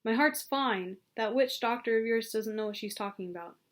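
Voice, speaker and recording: A woman's voice: fairly high pitch, moderate pace, lightly acted. A woman playing a furious older man. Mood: blustering. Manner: shouting, blustering. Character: angry older red-faced male client.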